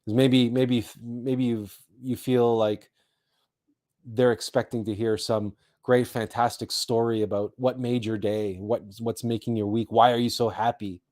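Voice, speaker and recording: A man hosts a live spiritual talk in a mid-range voice, neither high nor low. He moves slowly and meditatively, with soft pauses. He repeats his phrases as he leads listeners through a calm visualization.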